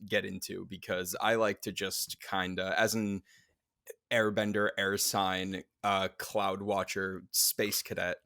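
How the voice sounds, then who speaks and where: A man's voice: deep voice, little pitch movement, slow pace, sharp tone, smooth, no echo, studio quality. A man co-hosting a casual podcast, rambling and playful, laughing often. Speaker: podcast co-host. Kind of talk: casual chat.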